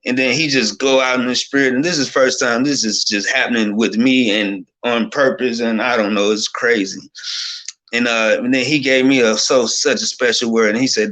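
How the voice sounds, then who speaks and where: A man sharing an emotional personal testimony, excited and rambling, often repeating himself. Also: mid-range voice, moderate pace.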